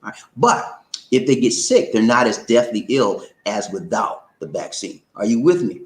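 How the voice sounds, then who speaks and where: A man hosting a casual livestream who talks loosely and animatedly, jumping up high when he gets worked up. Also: moderate pace, roomy sound, rough recording. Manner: animated, swings up high when excited, says "man" and "okay?". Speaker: livestream host.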